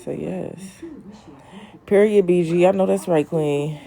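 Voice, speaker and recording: Low, gravelly-voiced woman chatting on a livestream. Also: a little slow, warm tone. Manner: chatty, sassy, calls viewers honey and queen. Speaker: livestream host. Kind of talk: casual livestream chat reading comments.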